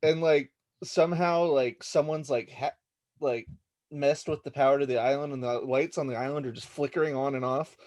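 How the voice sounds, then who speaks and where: A man's voice: medium pitch, steady tone, normal speed, a little mellow. A man playing in a tabletop game, rambling and restarting, full of "like". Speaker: player. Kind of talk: casual role-play chat.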